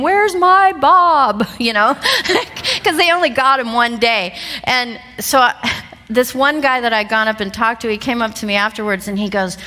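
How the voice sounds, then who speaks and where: Bright-voiced woman in her fifties on stage. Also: medium pitch, in a large hall. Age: 50s. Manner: animated storyteller who laughs often. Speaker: seminar speaker. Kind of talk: motivational stage talk. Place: stage in a large event hall. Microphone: lapel mic.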